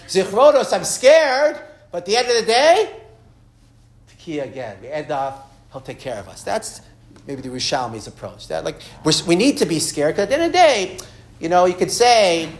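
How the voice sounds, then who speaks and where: A man giving a Torah class. He reads Hebrew and Aramaic sources, translates them line by line, and often restarts and repeats words as he explains. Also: fairly high pitch. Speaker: Torah teacher.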